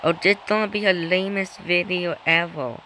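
A young male gamer nervously commenting on his mobile game play, excitable and self-conscious. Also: high voice, moderate pace. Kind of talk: casual gameplay commentary. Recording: noisy background during gameplay.

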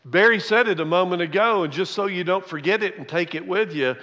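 A male senior pastor preaching a sermon. His fairly high voice lands hard on his points and repeats them for effect. A long reverb from the church hall trails after each phrase. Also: fairly quick, hardly any pauses, sharp tone.

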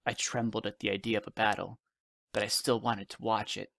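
A male teacher reading a novel aloud in measured storytelling narration. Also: fairly low pitch, level tone, gravelly, a bit bright, no room sound.

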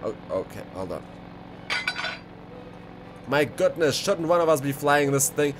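A man giving excitable let's play commentary, exclaiming and rambling as he goes. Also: on the high side, measured pace. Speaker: gaming video creator. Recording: clear background game noise.

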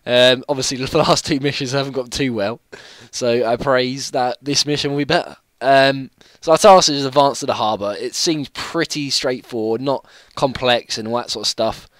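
A young man talks through his gameplay in a casual, rambling way. His voice has a bright, forward edge, and he apologizes often while reacting loudly to the game. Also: mid-range voice, fairly even intonation, moderate pace, few pauses, no echo. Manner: chatty, apologetic, laughs and yelps at the game. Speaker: gaming channel host.

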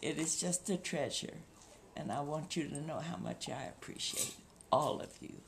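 A woman in her late eighties giving a slow, emotional thank-you speech to her family. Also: low voice, gravelly. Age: 80s. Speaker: grandmother being honored. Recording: home camcorder, some noise.

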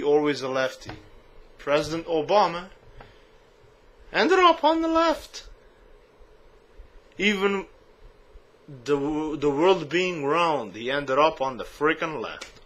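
Slow, sarcastic man mocking opponents. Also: on the high side, fairly bright tone. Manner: sarcastic and mocking, with crude asides. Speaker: political vlogger. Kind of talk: comedic political monologue.

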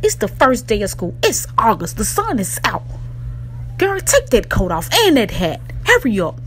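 A woman playing a bossy mother who loudly scolds her daughter. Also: on the high side, huge pitch swings, normal speed, slight background noise, pitched below the performer's own voice. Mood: scolding.

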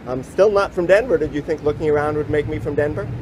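A man with a slightly high voice talks in a dry, deadpan way, trading flat retorts. He is recorded outdoors on a city sidewalk, and faint traffic hums behind him. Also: quick pace. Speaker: vlogger and lead. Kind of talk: casual video monologue.

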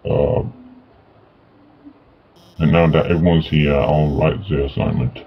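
A man playing a video game and reading the characters' lines aloud in his own voice, halting and full of fillers, on a dull lo-fi mic. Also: extremely low pitch, little pitch movement, husky. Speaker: gaming YouTuber. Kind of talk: let's play, reading game dialogue aloud. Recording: dull lo-fi mic with faint music.

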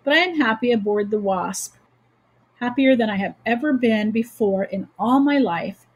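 A woman reading the lines of a courteous little male mouse sailor in a storybook, her own husky voice kept for him. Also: a little high, animated, moderate pace. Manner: formal and courteous. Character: polite cheerful small mouse sailor, male.

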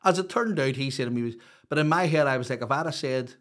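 Quick-paced and fairly bright in tone, this medium-pitched middle-aged man with a Northern Irish accent is a podcast guest sharing stories. His casual telling is rambling, blunt, and full of swearing.

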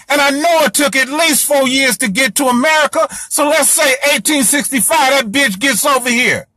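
A man's voice: extremely high pitch, pushed and bright, dry recording. A man giving a heated solo monologue to his audience, ranting in a fiery, profane, preachy way. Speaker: host lecturing his audience.

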